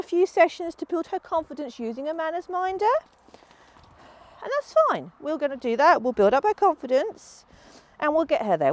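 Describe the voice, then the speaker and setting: A woman's voice: high voice, expressive, moderate pace. A woman dog trainer, explaining a training session outdoors in a field and breaking into sing-song praise for her dog. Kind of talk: instructional demonstration outdoors.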